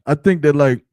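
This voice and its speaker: A man's voice: fairly high pitch, warm tone, no echo. A man hosting a podcast, talking loosely in slang and joking around with his co-hosts. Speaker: podcast host. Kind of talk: casual podcast chat.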